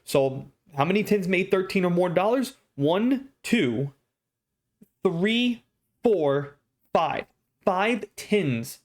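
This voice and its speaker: A man with a fairly high voice talks through his card pulls with plenty of enthusiasm. He leans hard on the numbers, casual and salesy, like a host recapping an unboxing for his viewers. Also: expressive, slow pace. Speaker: card-opening channel host.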